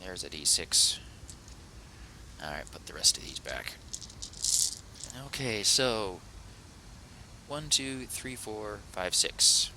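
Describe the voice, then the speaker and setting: A man's voice: fairly low pitch, sing-song, slow, long pauses, bright, forceful tone, slight background noise, poor audio. A man hosting a let's play, chatting casually through the gameplay in a rambling, self-correcting, playful way.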